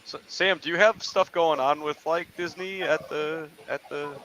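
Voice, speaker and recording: A man hosting a casual podcast, who asks questions and gets excited and enthusiastic in a hesitant way. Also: fairly high pitch, normal speed, a little hiss or hum, low-quality recording.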